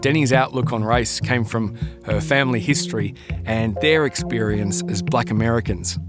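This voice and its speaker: A man narrating a documentary in a measured, scripted way. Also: medium pitch, music in the background.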